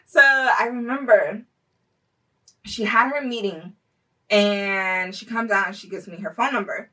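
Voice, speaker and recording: A young woman telling a personal story in casual vlog style, chatty, full of fillers and quick to laugh. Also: mid-range voice, sharp tone, recorded from a distance, low-quality recording.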